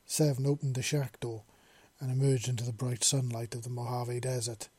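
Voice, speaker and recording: Brief: male storyteller, dark husky voice, dry close sound. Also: mid-range voice, moderate pace, no echo. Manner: plain steady reading with small slips. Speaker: narrator. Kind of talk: reading fan fiction aloud.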